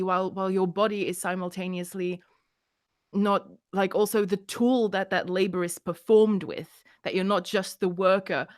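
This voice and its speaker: A woman with a lowish voice hosts a casual livestream chat. She sounds blunt and a bit tipsy, talking hesitantly with plenty of fillers and restarts.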